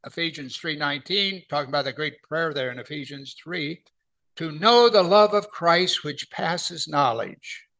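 A middle-aged preacher, his voice a little high, gravelly, bright and forceful, leads a verse-by-verse Bible study. The delivery is conversational, sprinkled with rhetorical questions, and it slows right down during scripture readings.

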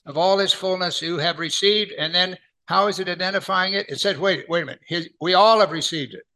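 This middle-aged man teaches the Bible verse by verse in a conversational style, tossing rhetorical questions to his listeners. His voice is high-pitched, pushed and bright, and he slows way down whenever he reads scripture aloud.

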